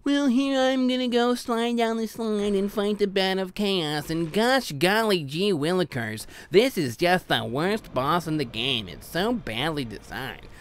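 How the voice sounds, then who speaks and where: A man's voice: sits high, expressive, unhurried, few pauses, voice pushed up. A man voicing a prim, wholesome male gamer who talks in a fussy, overly polite way, as a mocking parody. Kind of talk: parody of a bland gameplay commentator.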